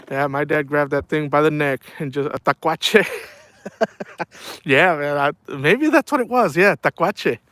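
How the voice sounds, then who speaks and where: A man's voice: fairly high pitch, slow, long pauses, fairly bright tone. A middle-aged man chatting casually on a livestream, telling rambling stories and saying "man" a lot. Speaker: livestream host.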